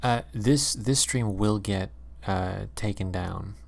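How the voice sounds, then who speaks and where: A man hosting a stream who speaks calmly and reassuringly, with many hesitations. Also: lowish voice, slow pace, gravelly. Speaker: streamer host. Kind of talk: casual chat.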